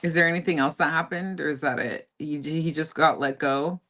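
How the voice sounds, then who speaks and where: Low-voiced woman chatting to viewers. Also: brisk. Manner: relaxed, chatty, says y'all to the viewers. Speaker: livestream host. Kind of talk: casual livestream chat.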